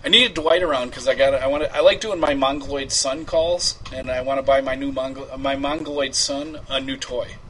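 A man's voice: medium pitch, fairly quick, few pauses, sharp tone, slight background noise, rough recording. A man hosting a homemade prank call show, chatting casually, rambling and laughing as he reads out his ads. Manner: rambling, laughs often, trails off into mumbling. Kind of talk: casual live show chat.

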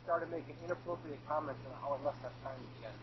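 A man's voice: a little high, fairly even intonation, quick pace, muffled recording, close to an everyday voice. A man doing a fake New York accent, playing a rude, whiny dental patient on a prank call. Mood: complaining. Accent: put-on New York.

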